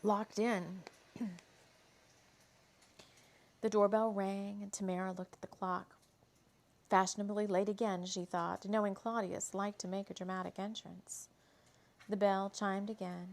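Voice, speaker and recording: Woman reading a spooky story aloud. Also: medium pitch. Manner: leisurely, dramatic read with asides.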